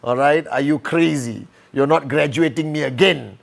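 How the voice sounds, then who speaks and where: A man's voice: fairly high pitch, normal speed, vocal fry, pitched below the performer's own voice. A man voicing an angry, proud young male student from a privileged background, ranting indignantly.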